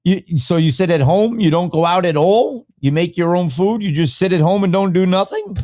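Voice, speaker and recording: A man's voice: high-pitched, normal speed, darkish tone, no room sound, clean studio sound. A male podcast host chatting casually on a live stream, talking back to viewers by name in a blunt, profane, argumentative way.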